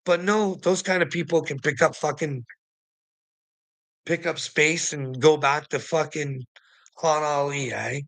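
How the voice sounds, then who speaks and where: A man's voice: a little high, fairly even intonation, measured pace, a bit bright, no echo, poor audio. Profane heated man ranting. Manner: profane, heated, rhetorical questions; mocking taunts with laughter. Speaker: vlogger. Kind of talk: angry commentary rant.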